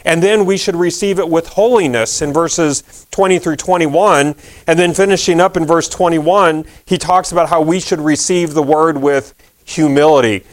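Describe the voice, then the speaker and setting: A man's voice: on the high side, normal speed. A man pastor preaching a sermon in a conversational way, repeating key phrases and using fillers.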